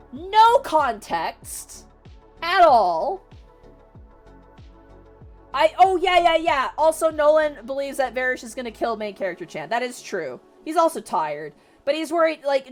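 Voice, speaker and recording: A woman streamer retelling a book to her chat in a rambling, sarcastic way, swearing and full of fillers. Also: sits high.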